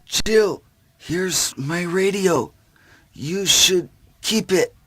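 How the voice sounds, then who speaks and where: An actor playing a dying wounded soldier in a 1990s video game cutscene, speaking in weak, halting phrases. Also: male voice, high-pitched, pushed and bright, exaggerated voice. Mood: fading, urgent.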